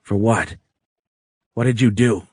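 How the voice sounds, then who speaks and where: A man's voice: fairly low pitch, fairly even intonation, slow pace, darkish tone, slightly rough, no room sound, studio quality. A man voicing a frightened human captive who fires off alarmed, demanding questions.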